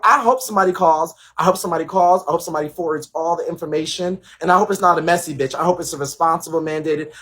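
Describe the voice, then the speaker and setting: A man's voice: fairly high pitch, a bit bright, slightly rough. A man hosting a casual livestream, talking emphatically and bluntly to viewers and a guest. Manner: emphatic, blunt and profane, often addresses viewers. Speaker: livestream host.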